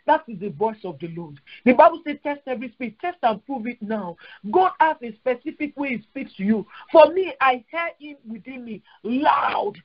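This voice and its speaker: A woman's voice: sits high, lively intonation, normal speed, hardly any pauses. A Nigerian woman pastor leading a prayer call, preaching with fervent, repetitive declarations and praying in tongues. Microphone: phone dial-in. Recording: dull lo-fi phone call audio.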